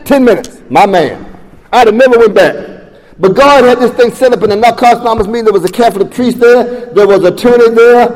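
A man with a high voice tells his own recovery story at a meeting, animated and acting out the people he quotes. His voice rings with a long reverb in a meeting hall. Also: fast talker. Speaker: speaker sharing recovery story.

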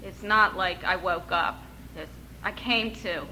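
Slow, bright-voiced woman in her thirties. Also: on the low side, slight background noise, rough recording. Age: 30s. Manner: earnest, emotional storytelling with wry humor. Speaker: speaker sharing her recovery story. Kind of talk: personal testimony.

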